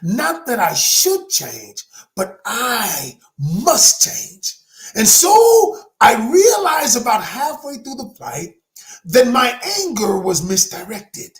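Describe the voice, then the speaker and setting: Male relationship coach, animated and emphatic, motivational storyteller. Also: very high voice, takes it slowly. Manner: emphatic, dramatic storyteller who addresses the audience directly. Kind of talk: motivational talk with personal story.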